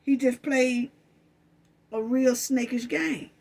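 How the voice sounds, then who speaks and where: A woman's voice: sits high, fairly even intonation, slow, creaky, darkish tone. A woman delivering an impassioned commentary rant, emphatic and accusatory, hammering the same phrases over and over. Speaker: commentary vlogger.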